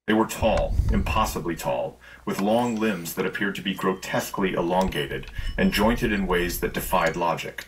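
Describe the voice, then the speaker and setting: Deep-voiced male horror narrator. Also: normal speed, hardly any pauses, slight background noise, rough recording. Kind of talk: scripted first-person horror narration.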